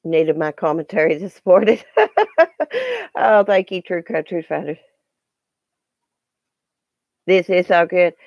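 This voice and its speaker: A woman's voice: on the low side, moderate pace, gravelly, darkish tone, dry recording, dull audio. A Southern woman hosting a casual livestream, chatting folksily with viewers by name and reading the chat. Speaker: YouTube livestream host.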